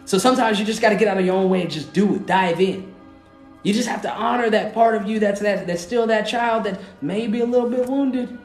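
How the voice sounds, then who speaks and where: Earnest, rambling male live-stream host with a high voice, heard in a roomy echo with faint music behind. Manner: loose, rambling, often asks "you know what I mean"; earnest, encouraging. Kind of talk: casual live-stream talk.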